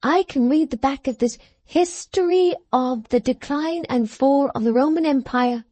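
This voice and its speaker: A woman reading the part of an eager, impatient young girl in an audiobook, raising her voice high and pleading. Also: measured pace, dark tone, no room sound.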